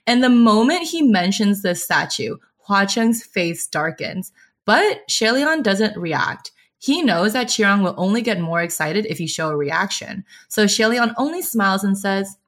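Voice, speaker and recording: A woman co-hosting a book podcast, blunt and expressive, swearing casually while chatting and reading a novel aloud. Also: medium pitch, unhurried. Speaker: podcast co-host.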